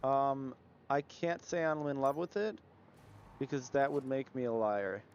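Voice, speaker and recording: A gaming livestreamer muses aloud casually while trying out changes in a building game. His medium-pitched voice is steady and unhurried, and the recording's highs are cut off.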